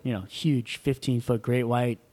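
Animated surfer man telling a story. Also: medium pitch, normal speed, slight background noise. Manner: animated, acts out quoted voices, swears freely. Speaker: guest. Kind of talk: casual storytelling.

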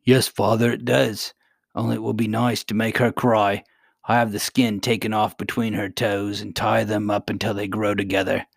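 A man's voice: fairly low pitch, little pitch movement, moderate pace, gravelly, no room sound, clean studio sound. A man voicing a cruel spoiled goblin prince. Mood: gleeful. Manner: gleeful, cruel.

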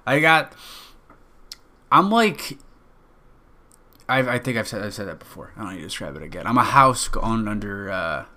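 Bright-voiced young man rambling on a podcast. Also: lowish voice, big pitch swings, moderate pace, pauses often. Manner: rambling, profane, joking. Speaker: podcast host. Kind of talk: casual solo podcast monologue.

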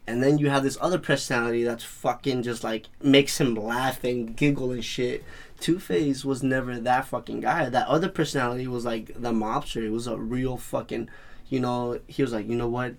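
A man's voice: mid-range voice, normal speed, gravelly. A man chatting casually on a podcast, rambling and swearing freely. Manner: profane, rambling, animated. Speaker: podcast co-host. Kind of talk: casual chat.

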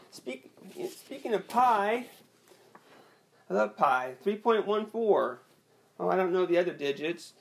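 Young male comic, slightly high voice, slow halting deadpan set. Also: vocal fry. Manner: hesitant, rambling, deadpan delivery with many restarts. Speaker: stand-up comedian. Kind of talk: awkward self-deprecating stand-up set.

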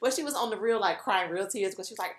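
A young woman co-hosting a casual chat, animated and quick to laugh, swearing freely. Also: mid-range voice, reverberant. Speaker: podcast co-host.

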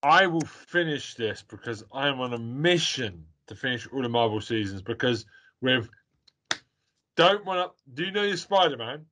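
A man hosting a casual chat over a video call, jokey and excitable, swearing freely. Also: mid-range voice, moderate pace.

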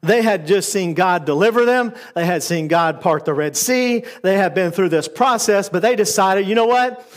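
High-voiced man preaching a sermon. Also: expressive, moderate pace, hardly any pauses. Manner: retells scripture conversationally with fillers and acted quotes.

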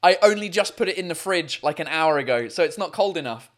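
A man's voice: fairly high pitch, lively intonation, a little fast, hardly any pauses, a bit bright. A man hosting his own live stream show, chatting casually and swearing freely.

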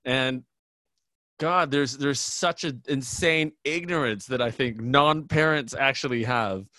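A man in his own casual interview, talking in a candid, rambling way that keeps circling back on itself. His voice sits at a middling pitch and sounds dry and close, with little room around it. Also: slow pace, bright, forceful tone, no echo. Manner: candid, rambling, self-deprecating. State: tired new parent. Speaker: podcast host.

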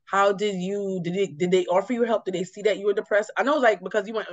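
A woman interviewing a guest in casual talk, asking gentle, sympathetic questions. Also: mid-range voice, steady tone, fast, no echo. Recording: dull lo-fi mic, dry.

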